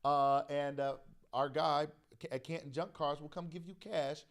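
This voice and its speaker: Joking guy cohosting a live show, gravelly voice a bit high, AAVE, laughs a lot. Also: steady tone, moderate pace. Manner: laid-back, joking, frequent laughter. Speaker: co-host. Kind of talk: casual live-stream chat.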